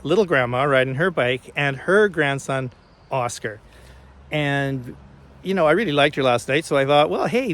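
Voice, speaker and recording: An older man vlogging casually, retelling a personal story in a chatty, animated way. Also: mid-range voice.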